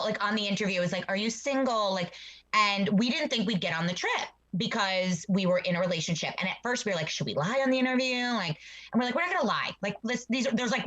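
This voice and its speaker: Bright, effusive woman co-hosting a podcast. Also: lowish voice, rough recording. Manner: effusive, rambling, many fillers and asides. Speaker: podcast co-host. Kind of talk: casual interview chat.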